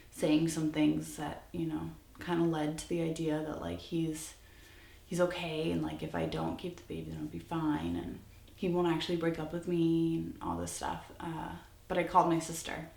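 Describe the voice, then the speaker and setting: A woman's voice: deep voice, a little mellow. A woman in her twenties telling a personal story in a candid, conversational vlog, with lots of "like" fillers. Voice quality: creaky, gravelly. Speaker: vlogger. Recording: echoey room, slightly off-mic.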